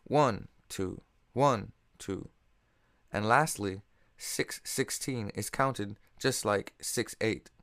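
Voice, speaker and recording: A man narrating a scripted music theory lesson, explaining in a steady, measured way and counting beats aloud. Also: lowish voice, no echo. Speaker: music teacher.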